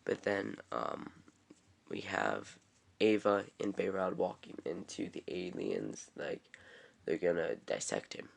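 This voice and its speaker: Young male reviewer, deep, gravelly voice, offhand rambling recap. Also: very animated, slow. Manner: rambling, filler-heavy, offhand. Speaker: TV episode reviewer. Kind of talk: casual episode recap.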